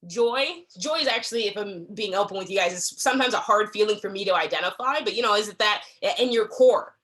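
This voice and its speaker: Bright-voiced woman giving a staff talk. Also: mid-range voice, fast. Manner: conversational, frequent "okay?" check-ins; acts out quoted exchanges. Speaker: workplace trainer.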